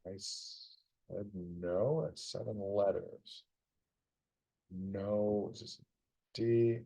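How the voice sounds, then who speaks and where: A tired, yawning middle-aged man mutters to himself while solving a puzzle on a live stream, ribbing the setter in casual commentary. His voice is fairly low, gravelly and warm, with a steady tone and an extremely slow pace.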